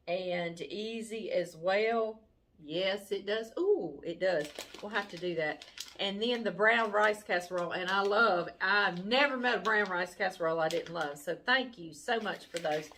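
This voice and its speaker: A woman's voice: medium pitch, fairly bright tone, a little hiss or hum. A middle-aged woman, hosting a cooking channel and chatting casually as she opens fan mail, gushing and laughing often.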